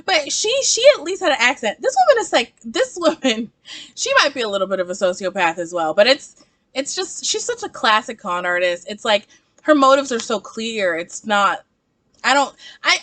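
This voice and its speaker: A woman hosting a casual reaction video, chatty and sassy. Her voice is high and bright, and her pitch leaps around with animated energy. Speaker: book reviewer and reaction host.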